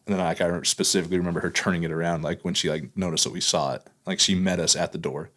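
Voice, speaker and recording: Deep-voiced man telling a raw story. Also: steady tone, a bit bright. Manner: halting retelling full of fillers and restarts. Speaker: podcast guest. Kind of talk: candid podcast conversation.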